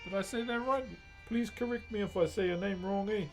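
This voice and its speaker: A man's voice: sits high, brisk, soft background music. A man, chatting casually on a live stream and thanking viewers as he works. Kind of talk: casual live-stream chat while working.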